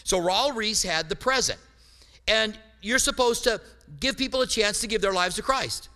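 Middle-aged male pastor, humorous storyteller, forceful tone. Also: sits high, moderate pace, long reverb tail. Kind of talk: sermon.

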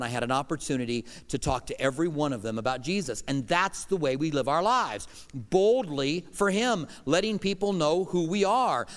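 Middle-aged guy preaching, kinda higher voice, earnest, goes loud then real quiet, long church echo. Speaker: pastor. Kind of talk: sermon. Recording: long hall reverb.

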